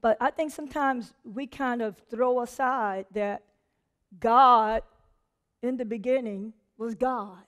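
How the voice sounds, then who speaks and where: A woman preaching a sermon in an animated, conversational way, laughing often and acting out quotes. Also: a little high, slow. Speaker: preacher and teacher.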